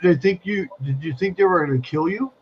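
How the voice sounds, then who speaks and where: Husky man chiming in, dull lo-fi sound. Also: high-pitched, quick pace. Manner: short interjections and questions. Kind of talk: casual chat.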